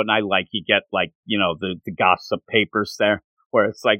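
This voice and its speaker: A man co-hosting a casual podcast, recapping a show in an animated, rambling way with frequent chuckles. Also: lowish voice, a little fast, few pauses, dry recording. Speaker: podcast co-host.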